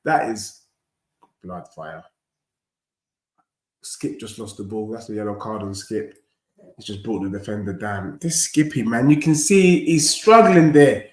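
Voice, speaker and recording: A young man, hosting a live football watchalong, bantering in slang and reacting loudly to the play. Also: lowish voice, animated, a little slow, pauses often, reverberant. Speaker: fan channel host.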